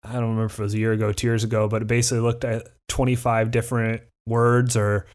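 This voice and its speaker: A man from the American Midwest co-hosts a podcast about legal news in business. He talks casually in a low voice, relaxed and conversational, often letting his lines fade toward the end. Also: fast talker. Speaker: podcast co-host and lawyer. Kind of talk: casual chat.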